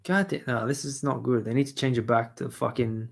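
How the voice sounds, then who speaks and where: A man's voice: medium pitch, fairly even intonation, brisk, creaky. A man with an Australian accent chatting and ranting casually on a stream, swearing often. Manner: ranting, swearing, mumbling asides. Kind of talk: casual profane stream chat.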